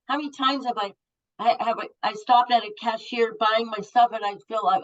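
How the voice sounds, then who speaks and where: A woman's voice: a little high, steady tone, fairly quick. Blunt woman in her fifties, a guest telling stories, swears a lot, muffled lo-fi sound. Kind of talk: candid storytelling. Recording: muffled lo-fi audio.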